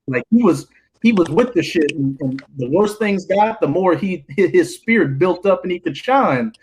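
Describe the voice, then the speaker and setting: Male group member, husky voice, slightly high, earnest storyteller. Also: animated, normal speed, a little mellow, poor audio. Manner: earnest, tells a film scene as an example. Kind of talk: casual discussion.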